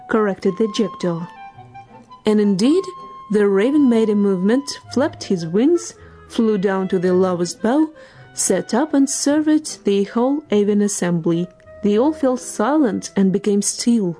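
A woman narrating a storybook tale in a measured, expressive reading. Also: medium pitch, soft background music.

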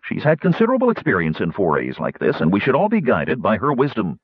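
A man's voice: lowish voice, huge pitch swings, fast talker, slightly rough, dry recording, highs cut off, full character voice. A man voicing a young knight who speaks formally and a little awkwardly. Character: earnest young male knight leading a march.

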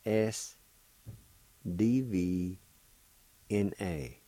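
A man with a low, warm voice teaches a language lesson on the radio, speaking very slowly and deliberately. He spells each word out one letter at a time with long pauses, then encourages listeners to practice. The sound is dry and close. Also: lively intonation, no room sound. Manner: slow, patient, spells words letter by letter.

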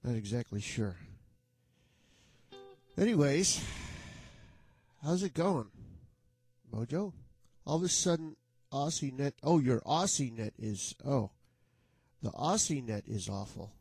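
A man hosting an online music jam, chatting casually in a rambling, halting way with frequent restarts and chuckles. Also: mid-range voice, animated, a little mellow, husky, no echo. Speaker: online jam session host. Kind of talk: casual chat.

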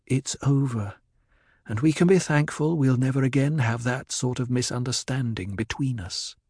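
A man reading a composed noble mother figure, speaking gently and soothingly in a raised voice. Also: mid-range voice, normal speed, slightly rough, no room sound, studio quality.

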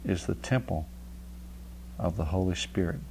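A pastor preaches a sermon, telling a homely story in a folksy way, building emphasis and checking in with listeners with frequent "right?" questions. His voice is low and dark with vocal fry, at a normal pace, and there's a little hiss or hum in the recording.

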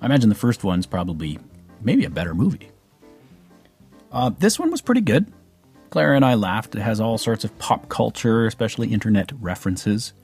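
A man's voice: fairly low pitch, very animated, brisk, darkish tone, breathy edge, soft background music. A middle-aged man with a Canadian accent, telling a personal story in a casual, rambling way with many fillers and restarts. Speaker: vlogger.

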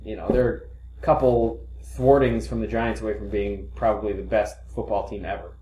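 A man's voice: lowish voice, steady tone, moderate pace, lo-fi sound. A man co-hosting a podcast, bantering casually about sports with a joking, chatty manner. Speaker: podcast co-host. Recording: roomy echo.

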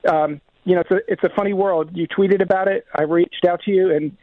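A filmmaker being interviewed on radio over the phone, explaining earnestly and fluently. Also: male voice, high voice, fairly even intonation, fairly quick, dry recording. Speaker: guest filmmaker. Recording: tinny phone line.

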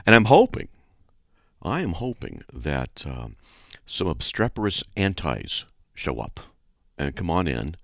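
A man's voice: low-pitched, sing-song, a little slow, gravelly, a bit bright, no echo, clean studio sound. A middle-aged man hosting a call-in radio show, chatty and playful, rambling casually.

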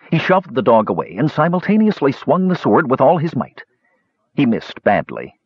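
A man narrating a story in an expressive, dramatic reading, in a slightly muffled recording. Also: medium pitch, slightly rough, no room sound.

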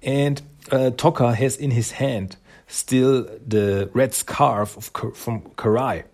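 A man's voice: mid-range voice, steady tone, slow, a little mellow. A man casually recapping a comic book's story, rambling with many fillers and acting out the characters' lines. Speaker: comic book reviewer.

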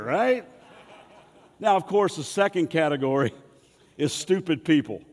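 A man's voice: fairly high pitch, big-room sound. A man preaching a sermon in a folksy, humorous way, asking the congregation to respond and speak along. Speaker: pastor.

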